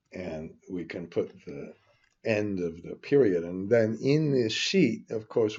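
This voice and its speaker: An older man with a fairly low, dark, slightly rough voice teaches finance in a screen-recorded spreadsheet tutorial. He rambles, grumbles in asides, and keeps restarting. The audio is dull and lo-fi.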